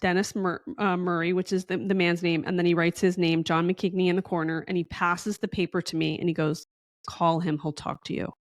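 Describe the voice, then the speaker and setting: A chatty woman rambles through a story, slipping into the voices of the people she quotes. Her voice sits on the low side. The sound is close and dry, with no room around it. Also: level tone, brisk, hardly any pauses, no room sound. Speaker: podcast guest. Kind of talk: casual storytelling interview.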